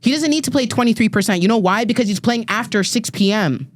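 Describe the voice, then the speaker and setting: A woman's voice: on the high side, animated, fast. A woman in her thirties on a podcast panel, delivering a heated, profane rant with emphatic repeats and stumbles. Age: 30s. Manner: ranting, emphatic, profane, repeats words when fired up. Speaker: guest panelist.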